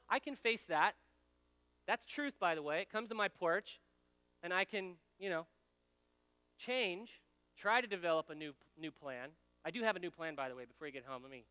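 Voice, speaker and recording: A man's voice: on the high side, expressive, moderate pace, bright, forceful tone, clear, resonant tone, no room sound, long reverb tail. A man in his thirties or forties giving a folksy, conversational sermon full of personal stories, speaking straight to his audience. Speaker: speaker at a men's ministry gathering.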